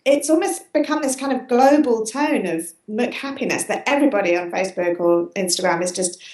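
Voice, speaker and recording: A British woman talks through her ideas as an interview guest, wry and chatty, often pausing on "you know". Her voice sits at an ordinary middle pitch. The room gives her a noticeable echo. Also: a little mellow. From Britain. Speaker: guest author. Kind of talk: conversational interview. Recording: roomy echo.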